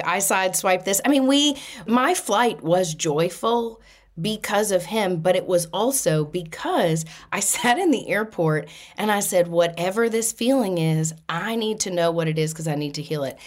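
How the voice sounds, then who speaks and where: Animated woman telling a personal story. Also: on the low side. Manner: animated, laughs while telling stories. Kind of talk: casual storytelling monologue.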